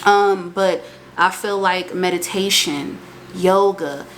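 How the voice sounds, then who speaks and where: The young woman vlogger speaks slowly here, still casual and emphatic in her motivational monologue. Her animated delivery swings into high exclamations over a little hiss or hum.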